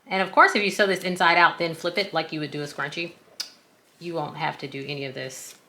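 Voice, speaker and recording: She has a low, pushed and bright voice with fairly even intonation, speaking a little fast. Hailing from the American South, this craft tutorial host chats casually in a Southern accent as she shows viewers a sewing tutorial, with a down-home, self-mocking style.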